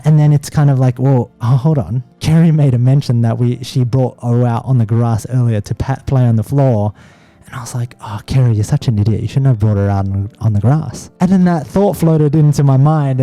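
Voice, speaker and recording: Candid man musing, dark mellow voice. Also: medium pitch, no room sound. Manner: candid, rambling, self-reflective. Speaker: podcast co-host. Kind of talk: casual conversation with his partner.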